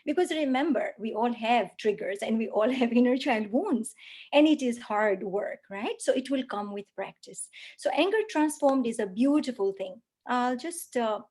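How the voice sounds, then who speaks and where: A woman's voice: a little high, animated, normal speed, darkish tone. A woman parenting coach giving an online lecture over a video call, earnest, often checking in with "right?". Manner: earnest, frequent tag questions like "right?". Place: online session with screen sharing.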